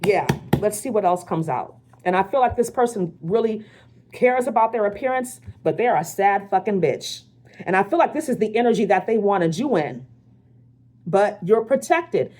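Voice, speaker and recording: Woman spiritual reader, mid-pitched, blunt and foul-mouthed, relaxed card-reading chat that keeps asking the listener for agreement. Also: normal speed. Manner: blunt and profane, with frequent check-ins to the listener. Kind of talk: casual channeled card reading.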